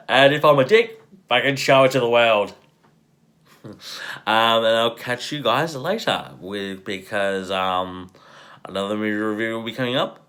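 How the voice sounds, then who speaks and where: Guy rambling thru a movie review, lots of ums n restarts, swears a bunch, loud then quiet. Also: mid-range voice, measured pace. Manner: rambling, many fillers and restarts, swears freely. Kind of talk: casual spoken film review.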